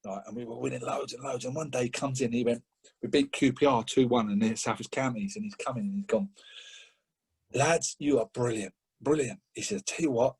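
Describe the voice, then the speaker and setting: A middle-aged man from England, a podcast guest telling an animated story in casual chat, often laughing and acting out what others said. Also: fast, husky. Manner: animated, laughing, acts out quotes with rising pitch.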